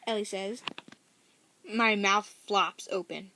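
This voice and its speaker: A woman's voice: on the high side, moderate pace, noisy background. A woman reading a novel aloud in a casual, first-person way, often correcting herself and making chatty asides. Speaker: story reader.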